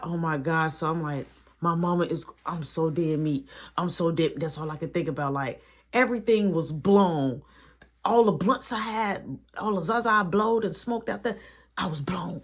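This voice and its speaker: A man narrates a personal story in a casual storytime style and puts on the lines of each person in it. His voice is husky and breathy, and his pitch swings widely as he talks. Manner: animated, acts out quoted dialogue.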